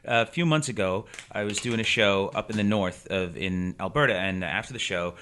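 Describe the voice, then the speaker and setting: A man's voice: lowish voice, moderate pace, a bit bright, a little hiss or hum. A man, a comedian, telling funny stories on a podcast panel, acting out the people in them and laughing often. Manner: acts out people in his anecdotes, laughs often. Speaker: comedian guest. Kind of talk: animated storytelling on a podcast panel. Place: studio with live audience.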